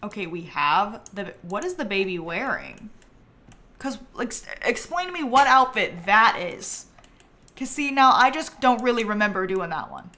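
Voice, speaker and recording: A young woman streaming a life-simulation game, chatting excitably and talking to her characters. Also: medium pitch, moderate pace. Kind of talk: live game commentary.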